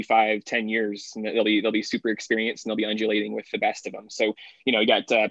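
Podcast guest: man, low and even voice, steady and explanatory, dull dry remote sound. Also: no echo. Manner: steady, explanatory, frequent "you know" fillers. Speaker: assistant golf professional, guest. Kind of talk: casual podcast interview.

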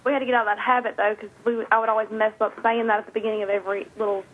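A woman's voice: fairly high pitch, flat delivery, rapid-fire, breathy edge. A woman with a Southern Louisiana accent, a guest telling stories in a chatty, easy way. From northern Louisiana. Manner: storytelling, chatty, laughs easily. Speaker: guest, online video creator. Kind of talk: casual phone interview chat. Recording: tinny phone line.

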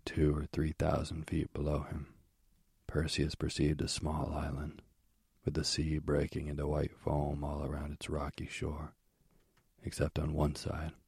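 A man reads a myth as an audiobook in a measured, steady way. His voice is extremely deep and husky. It stays dry and close. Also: no echo. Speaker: narrator.

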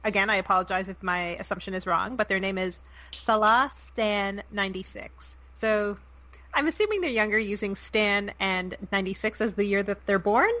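A woman's voice: mid-range voice, moderate pace, bright, forceful tone, poor audio. A woman from Canada with a Canadian accent, co-hosting a podcast and reading listener questions in an apologetic, hedging way, with many ums. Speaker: podcast co-host.

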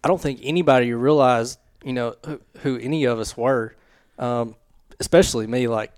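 A man co-hosting a hunting podcast, telling a story haltingly with lots of fillers. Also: mid-range voice, darkish tone, clear, resonant tone, no echo, clean studio sound. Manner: hesitant, many fillers and restarts while telling a story. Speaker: podcast co-host. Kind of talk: casual hunting podcast chat.

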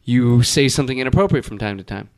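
A middle-aged man hosting a casual podcast, rambling through stories and squeaking out quoted lines. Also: fast, darkish tone, clean tone, no echo, studio quality. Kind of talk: casual banter.

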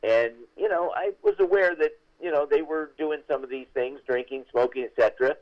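An older man, a veteran actor, telling stories as an interview guest in a chatty, animated way with many restarts. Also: fairly high pitch, a little fast, muffled recording. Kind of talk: interview storytelling.

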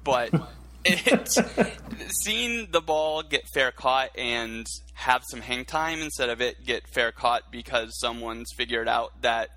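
A man co-hosting a sports podcast, talking in a measured, reflective way on a close mic. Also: medium pitch, lively intonation, sharp tone. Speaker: podcast co-host. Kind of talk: casual sports chat.

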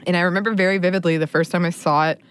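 Low-voiced chatty woman podcaster. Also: fairly even intonation, very fast, clean tone. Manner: chatty, laughs often. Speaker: podcast co-host. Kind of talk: casual podcast chat.

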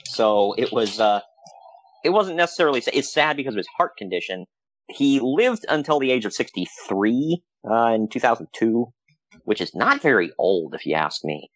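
A man co-hosting a podcast, telling stories in a casual, animated way with frequent laughs. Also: mid-range voice, moderate pace, no room sound. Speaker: podcast co-host. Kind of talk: casual chat.

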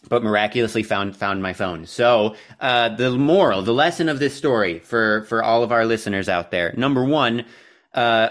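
A young man co-hosting a podcast tells a long story in a casual, exasperated way, swearing and poking fun at himself. His voice is mid-range with a fairly bright tone.

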